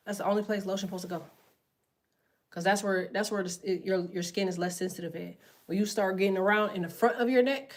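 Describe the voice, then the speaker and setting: A woman chats loosely with her livestream viewers from under a blanket in bed. Her talk is blunt, profane and full of slang, and she drifts from topic to topic. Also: medium pitch. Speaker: tarot livestream host. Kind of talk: casual livestream chat with viewers. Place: in bed at home.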